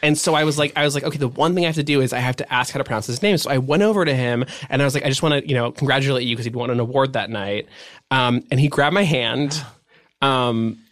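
A young man chatting as a podcast guest, circling his stories with endless "like"s and restarts. His voice sits at an ordinary middle pitch. The sound is close and dry, with no room around it. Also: fast, fairly bright tone, no room sound. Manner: rambling, filler-heavy storytelling with many "like"s. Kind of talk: casual chat.

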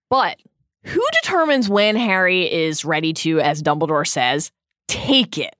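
A woman's voice: sits low, lively intonation, a little slow, a bit bright, no echo. A woman co-hosting a podcast book discussion, earnest and emphatic, reading passages aloud at a close studio mic. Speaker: podcast co-host.

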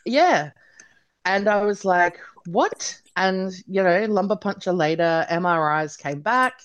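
A woman in her thirties from Australia, telling her story as an interview guest, chatty and animated, with many "like"s and "you know"s. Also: fairly low pitch, normal speed, smooth.

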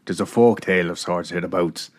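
A man voicing a gloomy, level-headed old school principal with a heavy rural Irish accent, telling a folk tale slowly. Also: low-pitched, no echo, close to an everyday voice. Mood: ominous.

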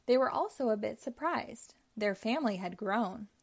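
A woman reads a children's storybook aloud in a clear, expressive telling. Her voice is fairly high. Its melody rises and falls in a lively, animated way. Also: normal speed. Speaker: storybook reader.

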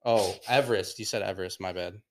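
A young man chatting casually as a podcast guest, relaxed and slangy, calling people dude. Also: low-pitched, fairly quick. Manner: laid-back, slangy, says dude and man a lot. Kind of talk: casual chat.

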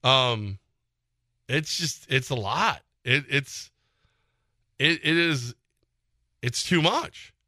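A man co-hosting a sports radio show, ranting in casual, opinionated chat with quick laughs. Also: mid-range voice, animated, sharp tone, dry recording, clean studio sound. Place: radio studio.

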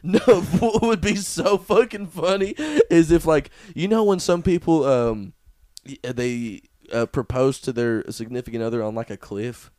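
A man's voice: a little high, a little slow, a little mellow, no room sound, clean studio sound. Loose, crude podcast storyteller man. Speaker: podcast co-host. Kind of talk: casual comedy chat. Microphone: studio podcast microphone.

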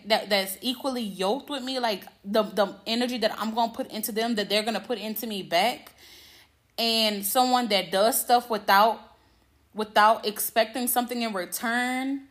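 A woman's voice: on the high side, fairly bright tone. A woman hosting her own podcast, telling a personal story in a candid, profane, casual monologue and acting out the dialogue. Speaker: podcast host.

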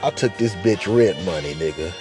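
A man voicing a scheming male friend who talks low and slow with a sly drawl. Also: expressive, a little mellow, soft background music.

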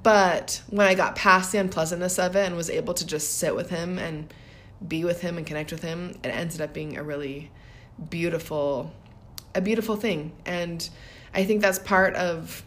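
A woman in her thirties with a fairly low voice, co-hosting a casual podcast. She speaks in a reflective, storytelling way and breaks into light laughs often. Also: fairly even intonation, normal speed. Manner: reflective, laughs often while telling stories. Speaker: podcast co-host.

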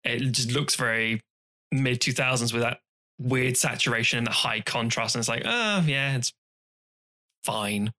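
A man's voice: medium pitch, normal speed. A man co-hosting a podcast, chatting casually and animatedly about films, swearing and acting out scenes. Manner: animated, swearing, acts out scenes in silly voices. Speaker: podcast co-host. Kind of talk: casual film chat.

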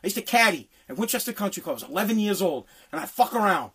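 Guy ranting and cursing nonstop, husky voice, yells a lot. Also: sits high, very animated, rapid-fire. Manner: profane, heated, often shouting. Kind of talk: angry political rant.

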